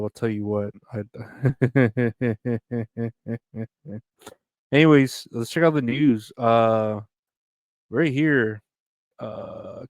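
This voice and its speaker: A tired man talks through the news on his solo podcast, rambling, swearing and sarcastic, sometimes yawning between thoughts. His voice sits at an ordinary middle pitch. The sound is dry, with no room echo. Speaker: podcast host. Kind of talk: casual solo podcast chat reading news.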